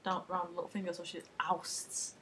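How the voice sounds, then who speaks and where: A woman's voice: on the low side, monotone, fairly quick, fairly bright tone, a little hiss or hum. A young woman, chatting casually and retelling a film plot in a rambling, sweary, giggly way. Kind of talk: casual comedic chat.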